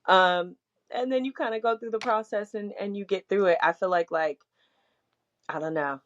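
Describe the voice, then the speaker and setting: A woman's voice: medium pitch, moderate pace. Rambling woman, candid chat, dull lo-fi sound. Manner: rambling, heavy use of "like", frank swearing. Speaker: podcast co-host. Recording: dull lo-fi audio.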